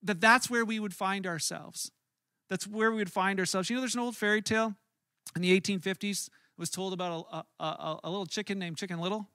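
A man's voice: high voice, fairly quick, bright, forceful tone, no echo, clean studio sound. A man preaching a sermon in an earnest, conversational way, often restarting his words. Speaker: pastor.

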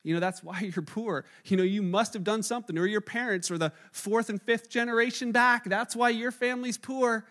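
A pastor giving a conversational, animated sermon, often acting out the people in his stories. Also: high-pitched, a little fast, few pauses.

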